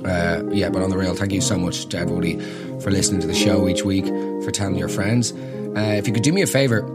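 An Irish man hosting a podcast, telling a comic story in an animated, exasperated rant. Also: sits low, fast talker, loud music behind the voice. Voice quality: animated, exasperated ranting with swearing. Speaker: podcast host. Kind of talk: comedic storytelling monologue.

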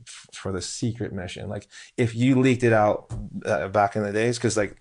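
A man who runs a food truck, telling a story as a guest in casual chat, animated and full of restarts. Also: fairly low pitch, normal speed. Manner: animated, acts out quotes in a raised voice; frequent restarts and fillers.

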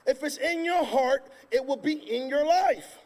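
A male pastor preaching a sermon from a church stage, emphatic and repetitive, breaking into sudden shouts. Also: extremely high pitch, measured pace. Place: church stage before a congregation. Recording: long reverb of a large hall.

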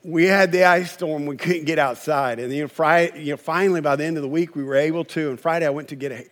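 A pastor with a high-pitched male voice, preaching in a loose, conversational sermon style. He acts out what people say and chuckles at his own stories. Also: quick pace.

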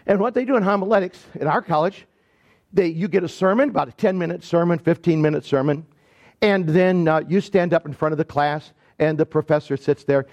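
A man from Michigan preaching a sermon to his congregation, telling a story in a conversational, animated way and talking directly to the people. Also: fairly high pitch, highs cut off. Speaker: pastor. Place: church sanctuary.

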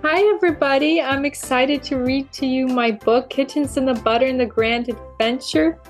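A woman, the book's author, reading her children's story aloud in an expressive way. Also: high voice, moderate pace, faint music behind.

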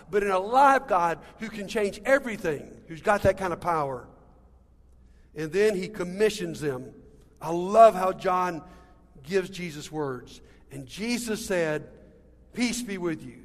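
A man's voice: sits high, animated, a little slow. A pastor preaching a sermon to his congregation, talking to them directly and calling them friends and guys. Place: church sanctuary. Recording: long reverb of a large hall.

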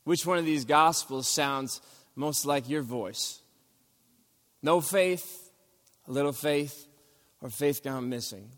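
Male pastor, fairly high voice, long church echo, sermon delivery. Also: slow pace, pauses often, fairly bright tone. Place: church sanctuary.

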